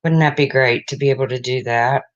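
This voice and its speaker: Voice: medium pitch, steady tone, a little fast, lo-fi sound. A livestream host in casual chat, rambling and breaking off to greet viewers, emotional and close to tears.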